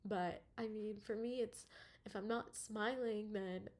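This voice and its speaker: A woman's voice: medium pitch, fairly even intonation, unhurried, darkish tone. Tearful young woman with nervous laughs. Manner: tearful, laughs nervously between words, many fillers. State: emotional, close to tears. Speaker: vlogger. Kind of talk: personal video diary.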